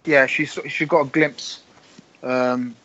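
A man co-hosting a podcast, telling an embarrassing story haltingly in casual chat. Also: medium pitch, steady tone, fairly bright tone, muffled recording. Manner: hesitant, halting storytelling with many restarts. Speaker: podcast co-host. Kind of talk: casual banter.

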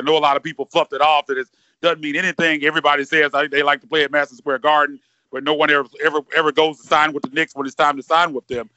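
A man's voice: on the high side, pushed and bright, dry recording, lo-fi sound. A man co-hosting a sports podcast, rambling and repeating words as he thinks aloud. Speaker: podcast co-host. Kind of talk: casual sports podcast chat.

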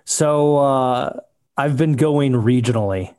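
A man co-hosting a sports podcast who also teaches history, talking in an easygoing, slightly halting way. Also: mid-range voice, darkish tone, dry recording, clean studio sound. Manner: easygoing, a bit halting, many fillers. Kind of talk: casual sports podcast chat.

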